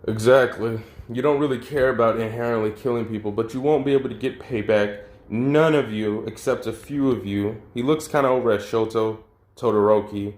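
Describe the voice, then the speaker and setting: A man's voice: mid-range voice, darkish tone. A man casually retelling a fan story, rambling with lots of fillers and crude slang. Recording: roomy echo.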